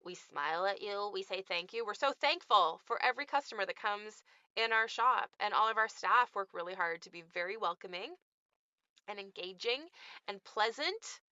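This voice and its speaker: A woman's voice: mid-range voice, lively intonation, normal speed, bright, forceful tone, no room sound, lo-fi sound. A woman who owns a small shop, ranting casually to camera with exasperation, acting out bits of dialogue. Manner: exasperated, storytelling with mimicked dialogue.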